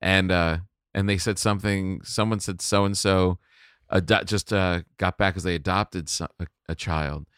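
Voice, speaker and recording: A man's voice: low voice, fairly even intonation, a little slow, a bit bright, smooth, no echo. Give me a middle-aged male comedian chatting on a podcast, rambling and laughing often, with a dry, close sound. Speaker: comedian guest. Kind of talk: casual podcast conversation.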